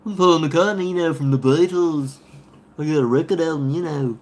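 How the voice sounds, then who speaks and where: Guy doing a silly squeaky british rock star voice, overdone and loud. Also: moderate pace, slight background noise, lightly acted. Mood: goofy. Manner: exaggerated high comic British put-on. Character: jokey impression of a famous British male musician.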